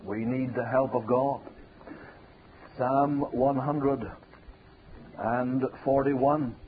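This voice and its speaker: A man preaching a sermon, hammering points home through repetition and building to loud peaks. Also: mid-range voice, fairly even intonation, drawn-out words. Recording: tinny phone-like sound with faint hiss.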